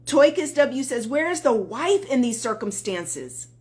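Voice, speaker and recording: A woman's voice: fairly high pitch, big pitch swings, a little slow, darkish tone. A woman dating coach talking on a live stream, earnest and emphatic, greeting viewers as they join.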